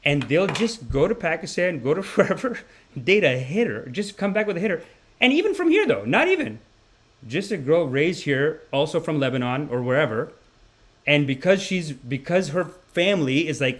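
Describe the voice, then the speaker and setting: A man hosting a comedy podcast, riffing in an animated, rambling monologue. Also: a little high, normal speed. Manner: animated, rambling, swings between voices. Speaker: podcast host.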